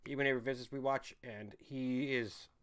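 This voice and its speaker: A man's voice: mid-range voice, steady tone, brisk, a bit bright, clear, resonant tone. Rambling, swearing man on a livestream. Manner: rambling, swears freely, laughs often. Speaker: livestream host reading viewer chat. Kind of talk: casual rambling livestream chat. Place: home in a city.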